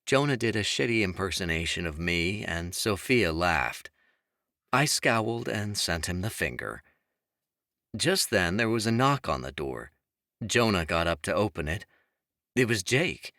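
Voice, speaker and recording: Wry, lively male audiobook narrator. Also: deep voice, a little slow, no echo, clean studio sound. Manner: wry and expressive. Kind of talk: first-person audiobook narration.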